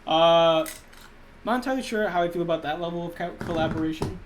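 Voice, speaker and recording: A man's voice: on the high side, quick pace, slight background noise. A young man in his twenties chatting casually with his viewers on a live stream, rambling with many restarts. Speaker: YouTube animator and voice actor.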